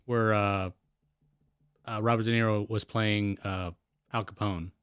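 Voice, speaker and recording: A man's voice: lowish voice, steady tone, measured pace, a bit bright, clean tone, no room sound, studio quality. A man co-hosting a casual movie podcast, with a faint New York accent, rambling and trailing off as he talks. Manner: rambling, trailing off, self-mocking. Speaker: podcast co-host. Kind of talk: casual chat.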